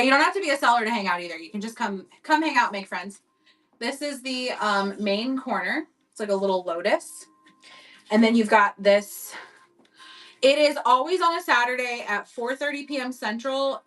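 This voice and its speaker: A woman's voice: fairly high pitch, normal speed, a bit bright, distant mic. A woman hosting a casual live-stream auction, chatting upbeat as she describes vintage items for buyers. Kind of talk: casual live-selling chat.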